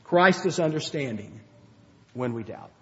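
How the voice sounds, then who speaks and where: High-voiced preacher in a reverberant hall. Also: male voice, lively intonation, unhurried, bright, forceful tone. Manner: earnest, conversational preaching with acted-out quotes. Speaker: pastor. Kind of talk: sermon. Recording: dull lo-fi sound with long hall reverb.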